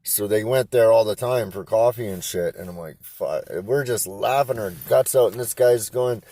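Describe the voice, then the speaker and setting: A laid-back man tells a rambling, profane story. His voice is warm and mellow, with a close, dry sound. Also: fairly low pitch, moderate pace, dry recording. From Canada. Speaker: interviewee. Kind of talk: casual storytelling.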